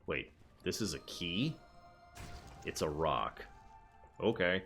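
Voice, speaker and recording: A man's voice: low-pitched, animated, takes it slowly, vocal fry, fairly bright tone, soft background music. A man streaming a video game, chatting casually and answering his chat as he plays. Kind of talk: casual gameplay commentary.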